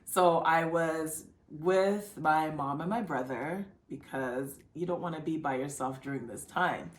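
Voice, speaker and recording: A woman vlogger casually telling her own story in a chatty, animated way. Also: unhurried. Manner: chatty, animated, acts out others' lines in a high excited voice. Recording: echoey room with faint music.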